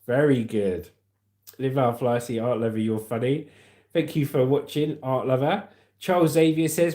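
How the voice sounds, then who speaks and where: A man's voice: medium pitch, normal speed. A man with a Hampshire accent hosting a casual livestream, reading comments and joking. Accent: southern English, Hampshire. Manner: jokey, laughs often, lively intonation. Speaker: livestream host.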